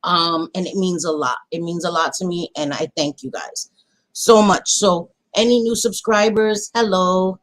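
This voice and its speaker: A woman hosting a casual livestream, greeting viewers warmly by pet names and swearing freely in animated chat. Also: on the low side, a little slow. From Latina. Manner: animated, swearing, affectionate nicknames. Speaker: livestream host.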